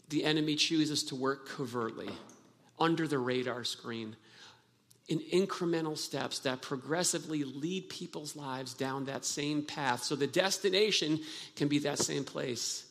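A man's voice: fairly high pitch, vocal fry, fairly bright tone. A pastor preaching a sermon, earnest and emphatic, often restarting his phrases. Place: church sanctuary. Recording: long hall reverb from a church.

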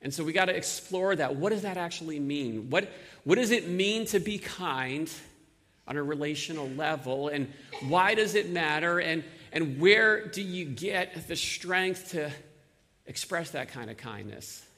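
Bright-voiced New York pastor preaching. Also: male voice, fairly high pitch, expressive, unhurried. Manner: conversational storytelling with frequent uh and restarts. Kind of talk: sermon. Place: church sanctuary. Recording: long reverb of a large hall.

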